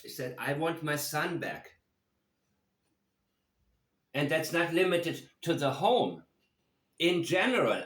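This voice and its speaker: A man giving slow, analytical commentary on true-crime video clips. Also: on the high side, very animated, fairly bright tone. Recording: roomy echo.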